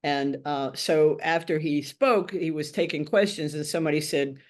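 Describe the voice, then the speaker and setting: An older woman from Tennessee speaks at normal speed in a low, darkish voice. Telling her life story candidly and wryly for an oral history interview, she acts out the voices of the people she quotes.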